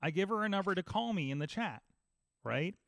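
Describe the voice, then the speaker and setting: A man in casual podcast chat, telling an animated story and acting out both sides of phone calls. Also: high voice, brisk, no echo. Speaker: podcast host.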